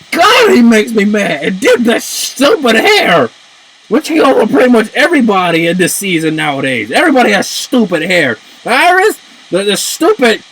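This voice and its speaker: A man ranting in casual commentary, swearing and breaking into shouts. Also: sits high, poor audio. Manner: animated, swears, jumps into shouts. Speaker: video commentator.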